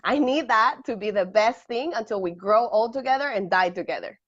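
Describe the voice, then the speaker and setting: A woman's voice: a little high, fairly quick, fairly bright tone, no echo, dull audio. A woman co-hosting a live stream, speaking in casual motivational chat and putting pointed, emphatic questions to the audience. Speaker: co-host of a manifesting live stream.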